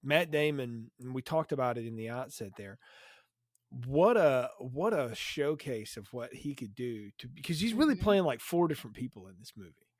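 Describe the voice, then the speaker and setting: A man's voice: mid-range voice, lively intonation, normal speed, no room sound. A man co-hosting a film review podcast in casual chat, rambling off into side points as he talks. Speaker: podcast co-host.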